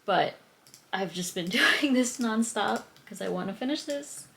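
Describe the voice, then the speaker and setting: A woman's voice: on the high side, lively intonation, unhurried, creaky, a bit bright, a little hiss or hum. A young adult woman talking casually to camera in a diary vlog, chatty, full of "like" fillers and small laughs. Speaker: vlogger.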